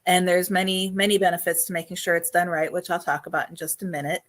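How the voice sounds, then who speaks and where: Speaking fast with little pitch movement, a woman with a lower voice answers questions from viewers on her casual live stream. Her voice is going hoarse, and her chatty delivery is dotted with ums and frequent throat-clearing.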